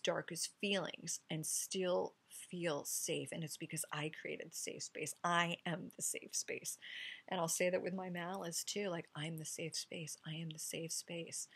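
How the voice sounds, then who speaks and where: A middle-aged woman delivers a gentle spiritual sermon straight to her camera, her voice husky and pitched a little low. She talks softly and meditatively, often dropping into hushed, whispered affirmations. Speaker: pastor. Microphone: camera mic.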